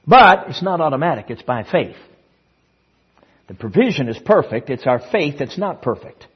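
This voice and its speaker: A male preacher giving an emphatic sermon, swinging from hushed asides to loud proclamation, with a husky voice. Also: medium pitch, sing-song, normal speed. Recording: dull lo-fi sermon recording.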